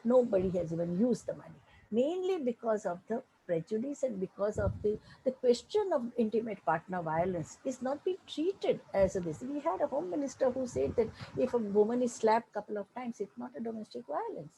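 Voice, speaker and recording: An older Indian woman speaks with a fairly high, gravelly voice that has a mellow, soft edge. She is a women's rights activist giving an earnest, emphatic panel talk and often restarts her sentences. Faint noise sits behind her on a video call. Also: lively intonation, a little fast, rough recording.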